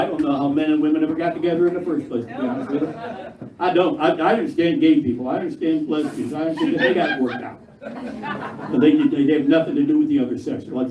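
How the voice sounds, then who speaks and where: A man's voice: on the high side, lo-fi sound. An older man doing a crude, rambling stand-up set, mocking himself and acting out quoted voices, on stage in a large hall. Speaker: stand-up comedian. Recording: echoey hall, mic at a distance. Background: loud laughing crowd and room noise.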